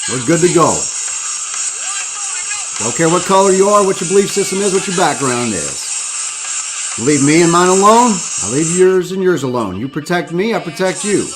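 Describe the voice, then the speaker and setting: A man hosting a podcast, delivering a fired-up, profane monologue that rallies his listeners, with music behind him. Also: high-pitched. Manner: profane, preachy, rallying the listener. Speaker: podcast host. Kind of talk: impassioned live-stream monologue.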